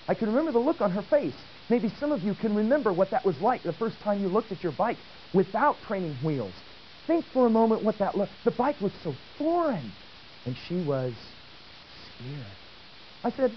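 A man giving a lecture and telling a story, talking in an animated way and asking the audience questions. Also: sits high, normal speed. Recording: dull old tape with faint hiss.

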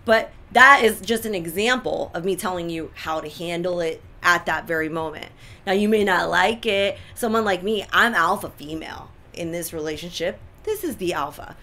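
Bright, emphatic woman giving advice. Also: on the low side, normal speed. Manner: emphatic, animated, repeats herself for effect. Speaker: co-host giving relationship advice. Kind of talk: casual advice chat.

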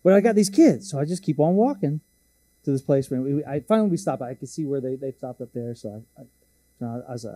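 A man's voice: medium pitch, animated, fast talker, mellow, no echo. A man preaching a sermon, telling a story in a casual, joking, self-deprecating way. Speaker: pastor.

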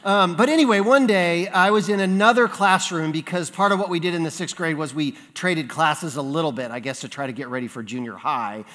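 A man preaching a sermon, telling a childhood story in an animated way and acting out the voices in it. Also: fairly high pitch, fairly quick, few pauses. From California. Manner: animated storyteller, acts out voices in his anecdotes. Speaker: pastor. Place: church sanctuary. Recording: long reverb of a church sanctuary.

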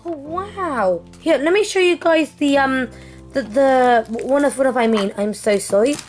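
A young woman streamer chatting casually through an unboxing, excitable and apologetic, with many fillers and restarts. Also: high voice, a little slow, faint music behind. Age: young adult. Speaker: gaming streamer.

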